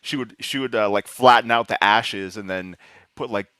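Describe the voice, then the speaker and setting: Relaxed man telling stories, dry sound. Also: on the low side, moderate pace, smooth, no echo. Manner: relaxed storytelling, many fillers. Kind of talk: casual chat.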